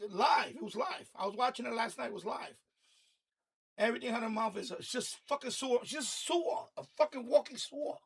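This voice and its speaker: With an extremely high, somewhat bright voice, a live-stream host launches into an angry, profanity-laden rant. He keeps circling back to the same phrases in this informal tirade.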